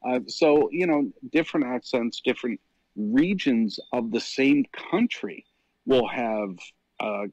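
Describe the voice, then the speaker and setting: A Canadian man co-hosting a tech chat, talking in a relaxed, hesitant way with many fillers. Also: mid-range voice, a little slow, dry recording. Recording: dry, dull lo-fi line.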